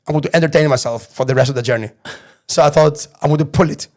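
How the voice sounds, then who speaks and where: Man, from the Manchester area, fairly high voice, casual storytelling, animated. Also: fast. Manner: animated, acts out voices in anecdotes, swears. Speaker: podcast guest, comedian.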